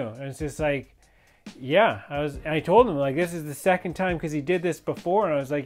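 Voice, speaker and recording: Intense rambling man, slightly high voice. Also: a little fast, faint music behind. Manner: intense and emphatic, rambling with many fillers and restarts. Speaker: fitness and yoga instructor sharing personal stories. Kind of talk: personal storytelling monologue.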